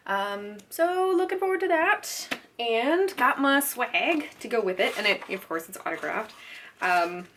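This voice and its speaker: Brief: woman book vlogger, chatty and giggly, very lively sing-song delivery. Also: a little high, measured pace, a little hiss or hum. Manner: chatty and giggly, gushing fan excitement. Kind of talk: casual chat to camera.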